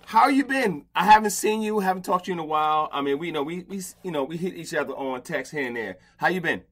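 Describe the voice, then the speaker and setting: A man's voice: fairly high pitch, fast, breathy edge. Blunt, swearing middle-aged man hosting. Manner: blunt, profane and animated. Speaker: podcast host. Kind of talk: casual interview chat. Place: home closet padded with blankets.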